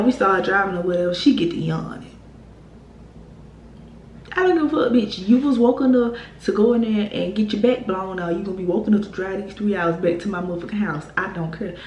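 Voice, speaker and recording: A young woman, heatedly telling a storytime on her channel. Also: mid-range voice. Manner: animated, heated retelling with profanity and laughs. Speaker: YouTube storyteller. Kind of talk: casual storytime vlog. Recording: echoey room with faint noise.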